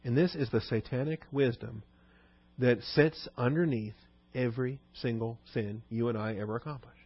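With a husky, medium-pitched voice at normal speed, a man teaches a conversational Bible study and keeps asking his listeners questions. The recording is dull and dry, with no echo.

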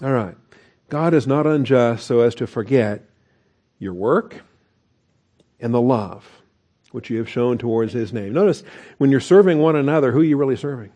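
A man's voice: medium pitch, moderate pace, pauses often, warm tone. A man preaching a conversational sermon as pastor, with asides and chuckles.

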